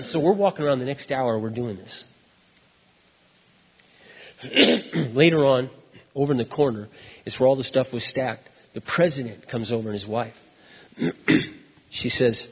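A man preaches a sermon through a story, acting out each voice in an animated way. His voice is husky. The recording sounds muffled and dull, with the long reverb of a hall. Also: medium pitch, normal speed, long pauses. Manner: animated, acts out dialogue.

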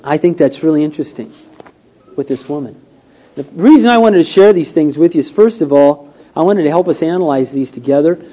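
Mellow-voiced man preaching a sermon. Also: on the high side, expressive, brisk. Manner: storytelling with acted-out quotes, rising and falling emphasis. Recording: dull lo-fi recording.

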